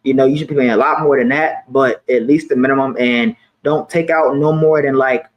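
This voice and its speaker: A man in his twenties talking casually to camera about money, relaxed and slangy, often repeating his points. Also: medium pitch, brisk, muffled recording. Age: 20s. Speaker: personal finance vlogger.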